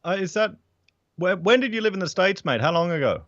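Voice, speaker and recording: A man's voice: sits high, sing-song, fairly quick, fairly bright tone, dry recording, lo-fi sound. A man with an Australian accent, a guest in a casual political chat, giving long, earnest opinions.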